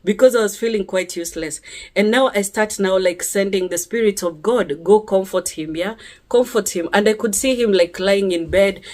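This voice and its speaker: A woman's voice: mid-range voice, normal speed, darkish tone. A woman telling a personal testimony in a casual vlog, chatty and earnest, often checking in with her listeners. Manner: chatty, checks in with listeners by asking "yeah?" again and again; earnest and emphatic, sometimes rising sharply on key words. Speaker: vlogger sharing a personal testimony.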